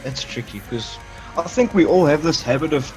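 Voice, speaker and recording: Laid-back guitarist. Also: male voice, fairly high pitch, lively intonation, normal speed, soft background music, rough recording. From South Africa. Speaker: guitarist, guest. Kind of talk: casual interview chat. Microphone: video call.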